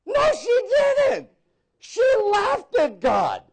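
A male pastor delivering a sermon, swinging between loud exclaiming and hushed asides as he acts out quoted voices. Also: extremely high pitch, wildly swooping pitch, drawn-out words, vocal fry.

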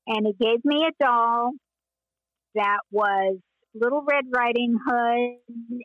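An older woman and former child actress, telling stories in an interview with meandering pauses and frequent laughs. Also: a little high, no echo, muffled recording. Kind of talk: reminiscing interview.

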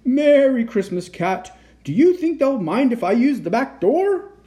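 A man voicing a jolly, noisy old Santa Claus who booms and bounces through his lines in a bedtime storybook reading. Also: lively intonation, slow pace, heavily acted. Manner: booming, bouncy and loud.

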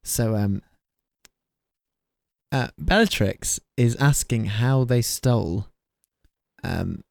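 Guy chatting about a film, laughs a lot, lots of ums, gravelly voice that swings up and down, dry sound. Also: mid-range voice, lively intonation, slow pace, long pauses, a little mellow, no echo. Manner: laughs often, hesitant with many fillers. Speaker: podcast co-host recapping a film. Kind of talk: casual chat.

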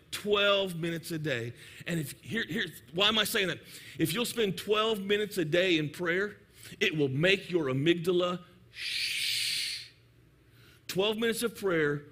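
A man preaching a lively, joking sermon in church, sometimes shouting for emphasis. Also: sits high. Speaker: pastor. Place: church sanctuary.

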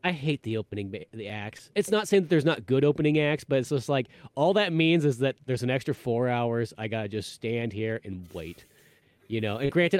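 A man's voice: medium pitch, darkish tone, no room sound. A man co-hosting a podcast, rambling in casual conversational chat. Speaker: podcast co-host.

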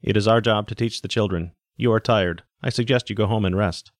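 A man reading a story, voicing a calm male teaching robot that speaks in measured, dutiful sentences. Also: on the low side, no echo, studio quality, close to an everyday voice. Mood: flat dutiful.

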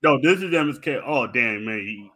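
Mid-pitched man ribbing bluntly. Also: animated, normal speed, a bit bright. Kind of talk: casual podcast banter.

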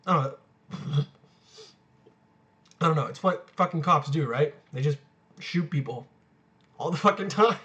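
A young man with a slightly higher-than-usual voice rambles through a casual story. He talks crudely, swears constantly and leans on filler words. He sounds like a college student talking straight to his viewers. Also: fairly bright tone, dull audio. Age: young adult.

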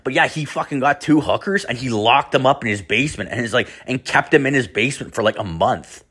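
A man's voice: medium pitch, brisk, a bit bright, breathy edge. A young man, telling a story casually in a rambling, profane way full of fillers.

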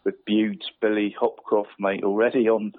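Over a tinny phone line, a man with a fairly low voice gives a radio show's football league round-up. He speaks flatly at a moderate pace, hesitating, repeating words, and constantly calling the host "mate."

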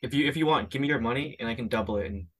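A man co-hosting a podcast in casual chat, making quick, blunt wisecracks. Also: mid-range voice, a bit bright, breathy edge. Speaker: podcast co-host.

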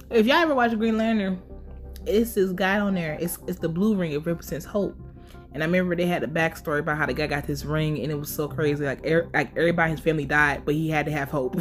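A woman giving a casual, profane recap of a show, animated and laughing as she acts out the characters' lines. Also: deep voice, normal speed, faint music behind.

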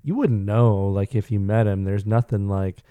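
A man's voice: fairly low pitch, steady tone, normal speed, mellow, clean tone, dry recording. A man co-hosting a podcast in casual chat, laughing and explaining himself carefully. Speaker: podcast co-host.

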